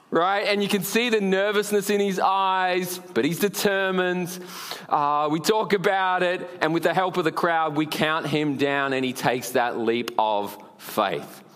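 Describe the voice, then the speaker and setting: Man, 40s, from Australia, pastor; high voice, storytelling sermon full of "uh"s. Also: a little slow, a bit bright. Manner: storytelling, frequent "uh" fillers, asks the audience.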